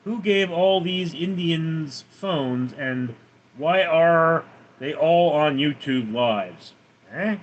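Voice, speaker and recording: Man, fairly high voice, slow pace, casual live-stream chat, reads comments aloud, home with cats. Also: highs cut off, a little hiss or hum. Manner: reads viewer comments aloud and answers them offhandedly. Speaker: livestreamer reading chat.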